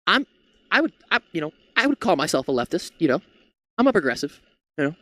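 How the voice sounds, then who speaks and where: A man's voice: on the high side, very animated, quick pace, bright, forceful tone, no room sound. A man streaming a political reaction, ranting heatedly with lots of swearing into a close mic. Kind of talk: livestream reaction rant.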